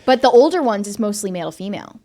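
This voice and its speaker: A woman's voice: medium pitch, lively intonation, very fast, warm tone. Opinionated woman podcast guest. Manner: opinionated, emphatic, casual. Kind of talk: casual talk-show conversation.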